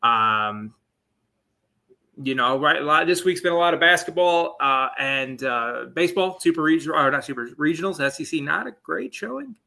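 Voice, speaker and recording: A man's voice: on the high side, animated, normal speed, creaky, bright, forceful tone. A man in his late twenties hosting a live sports talk show, rambling and chatty with many fillers and asides. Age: 20s. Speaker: sports podcast host.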